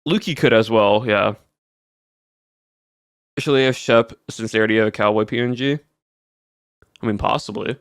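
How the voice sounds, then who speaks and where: A man's voice: on the low side, normal speed, pauses often, no echo, studio quality. A man streaming, chatting casually with his viewers in a rambling way with many fillers and answers to chat.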